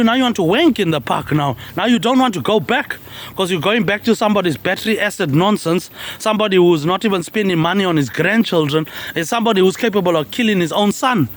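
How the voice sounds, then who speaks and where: High-voiced man rambling in loose monologue. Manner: stream-of-consciousness, repetitive, tacks "mate" onto lines. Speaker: social media personality.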